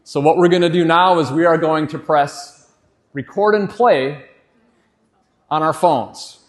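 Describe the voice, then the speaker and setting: A man in his forties giving a live motivational talk on stage, hyped, swearing and leading the crowd in shouted chants. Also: on the high side, measured pace. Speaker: motivational speaker. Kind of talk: live motivational talk with audience call-and-response. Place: stage in a large hall with a crowd. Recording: echoey hall with faint crowd.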